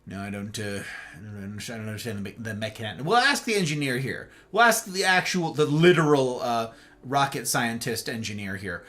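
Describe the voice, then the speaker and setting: A man chatting casually with viewers on a live stream, playful and jokey, his pitch swooping up and down. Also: fairly quick, fairly bright tone.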